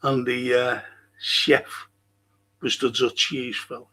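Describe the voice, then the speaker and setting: Male fan stream host, husky and slow, sweary rambling rants. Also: medium pitch, little pitch movement, sharp tone. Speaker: football fan show host. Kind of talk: ranting live-stream monologue.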